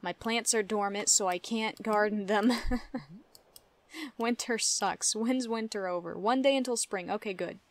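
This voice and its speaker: A woman's voice: medium pitch, a little slow. A young woman giving casual gameplay commentary, chatting to her game characters and laughing often. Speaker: let's play gamer.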